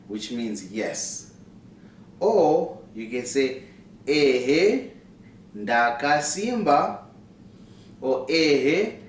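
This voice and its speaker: A man from Zimbabwe giving a casual video language lesson, upbeat and repeating words to drill pronunciation. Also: mid-range voice. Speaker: language teacher. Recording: roomy echo, distant mic, faint background noise.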